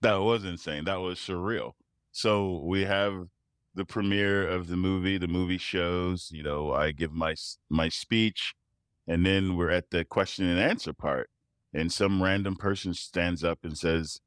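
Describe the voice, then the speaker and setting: A man, a tuba player, telling personal stories as a guest, animated and often laughing. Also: deep voice, unhurried, clean tone, no echo, clean studio sound. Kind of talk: interview storytelling.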